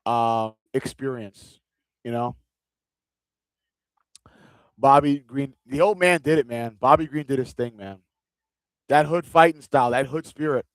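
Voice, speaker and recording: A man with a medium-pitched voice sits in a gaming chair at home, giving casual, rambling live commentary on a fight stream and often repeating himself. The recording is dry and the audio quality poor.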